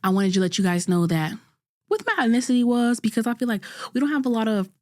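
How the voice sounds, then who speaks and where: A woman's voice: on the high side, expressive, quick pace, a little mellow, no room sound. A young woman in her twenties hosting a podcast, talking through a candid, self-critical monologue in casual slang with frequent restarts. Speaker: podcast host.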